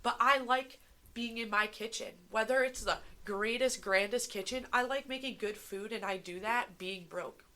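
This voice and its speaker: A woman's voice: fairly high pitch, normal speed, bright, forceful tone. A young woman, a young mother, talking earnestly and from the heart with her mom on a podcast, swearing casually. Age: young adult. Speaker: podcast co-host, daughter. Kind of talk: casual chat.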